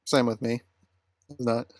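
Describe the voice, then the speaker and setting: A man co-hosting a casual movie podcast, speaking in brief, halting remarks. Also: medium pitch, little pitch movement, darkish tone, no echo, clean studio sound. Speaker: podcast co-host.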